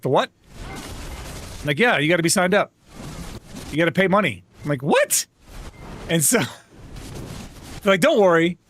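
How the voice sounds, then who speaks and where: A man's voice: on the high side, fairly bright tone, slight background noise. A young man streaming live, chatting casually with viewers and telling joking stories, with some swearing. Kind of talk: casual chat with livestream viewers.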